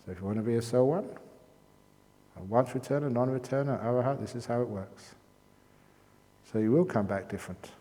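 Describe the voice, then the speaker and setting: A man's voice: mid-range voice, fairly quick, long pauses, dark tone. A man giving a dharma talk at a meditation retreat as its teacher, in a playful, joking manner. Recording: long reverb of a hall.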